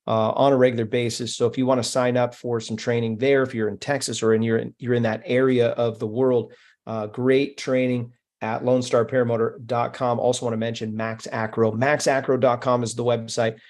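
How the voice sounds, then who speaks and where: Flat-voiced man reading sponsor plugs. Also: mid-range voice, fairly quick. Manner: relaxed, with many fillers. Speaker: podcast host. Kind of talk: casual podcast talk, reading sponsor mentions.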